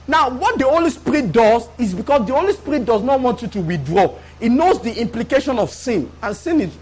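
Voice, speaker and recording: Preacher, male, very high voice, call-and-response delivery to a church congregation, emphatic repeats. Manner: preaches with call-and-response, often asking the congregation if they follow. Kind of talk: live sermon.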